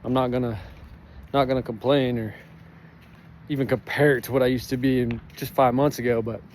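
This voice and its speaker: A man's voice: mid-range voice, steady tone, brisk, a little mellow, a little hiss or hum. A man talking candidly outdoors, heartfelt and emotional, swearing freely with lots of fillers. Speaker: vlogger sharing his recovery. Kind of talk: emotional personal vlog. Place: outdoors in sun and breeze.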